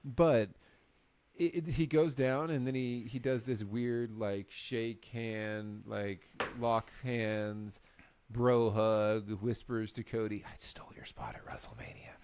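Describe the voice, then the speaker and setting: A man co-hosting a casual recap show, telling the story with lively acted-out quotes. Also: mid-range voice, takes it slowly, a little hiss or hum. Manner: animated storyteller, acts out quotes. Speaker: podcast co-host. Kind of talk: casual chat.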